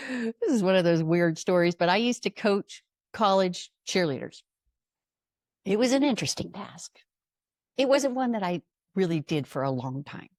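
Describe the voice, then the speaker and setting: A woman's voice: mid-range voice, dry recording, clean studio sound. A middle-aged woman hosting a motivational podcast, telling stories and acting out the people in them. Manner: animated storytelling, acts out quoted voices. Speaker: podcast host and coach. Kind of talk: motivational monologue.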